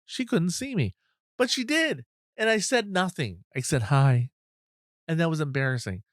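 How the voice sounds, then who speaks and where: A man's voice: on the high side, sing-song, normal speed, fairly bright tone, no room sound, studio quality. A middle-aged man hosting a podcast, telling a self-deprecating story in a rambling, casual way, restarting his sentences often. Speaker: podcast host. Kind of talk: casual anecdote.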